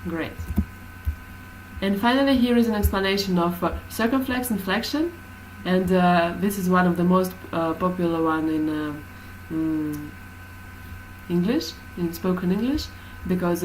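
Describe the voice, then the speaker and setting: Slow, hesitant woman teaching a class. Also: lowish voice, a little hiss or hum, poor audio. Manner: hesitant, many fillers. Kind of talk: classroom lesson explanation.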